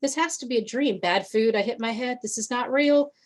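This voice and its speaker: A clumsy young woman far from home talks in flustered, self-mocking bursts, as a woman reads her story aloud. The voice is fairly high. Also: brisk, close to an everyday voice. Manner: flustered, joking. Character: clumsy, wry young woman lost in another world.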